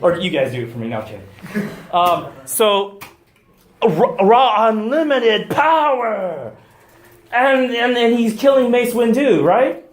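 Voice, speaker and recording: A man, a deacon, giving a lively public talk, loud and excitable with many fillers and restarts. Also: high voice, normal speed. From United States. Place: restaurant event room. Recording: echoey room.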